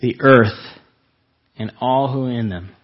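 A man delivers a sermon in a church sanctuary, earnestly putting questions to his listeners. His voice is husky and mid-pitched. The recording is dull and lo-fi. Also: measured pace. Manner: earnest, asks the congregation questions. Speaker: pastor.

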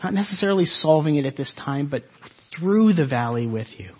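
A man preaching an earnest Easter-season sermon to his congregation, his voice swelling and then dropping soft. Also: fairly high pitch, lively intonation, fairly quick, slightly rough, highs cut off. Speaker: pastor.

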